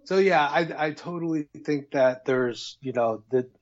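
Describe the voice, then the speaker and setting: A man co-hosting a podcast, chatting casually and profanely about a movie and excitedly acting out scenes. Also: on the high side, a little slow, dull audio. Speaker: podcast co-host. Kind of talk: casual movie review chat.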